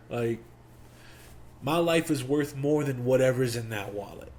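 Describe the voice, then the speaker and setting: Slow-talking man telling a story. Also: medium pitch. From Miami. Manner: animated, profane storytelling with acted-out quotes. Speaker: podcast host. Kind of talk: casual storytelling.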